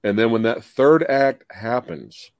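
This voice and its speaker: A man hosting a live movie chat, casual and animated, acting out his reactions and swearing freely over a video call. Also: medium pitch, unhurried, no echo, clean studio sound. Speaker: live stream host.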